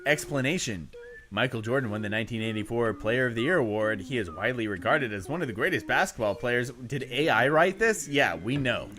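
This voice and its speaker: A man's voice: mid-range voice, animated, fairly quick, few pauses. A young man co-hosting a sports podcast, reading trivia questions in goofy put-on accents and laughing. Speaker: podcast co-host.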